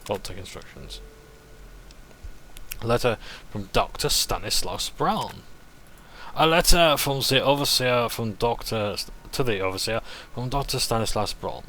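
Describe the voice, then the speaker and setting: A man's voice: mid-range voice, expressive, a little slow, sharp tone, slight background noise. A man hosting a casual playthrough, reading in-game texts aloud and often tripping over words and then correcting himself. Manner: stumbles and corrects himself mid-word. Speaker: let's play host.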